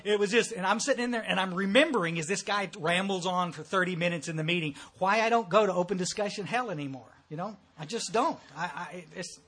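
A man's voice: high-pitched, fast talker, hardly any pauses, a bit bright, husky. A man with a thick Texas accent giving a blunt, folksy, joking talk at a recovery meeting.

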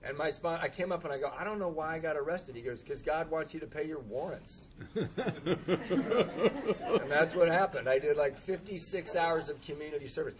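A man with a voice on the high side speaks fairly quickly as he tells a comical story of his own recovery. Self-deprecating throughout, he acts out the dialogue and laughs at himself often.

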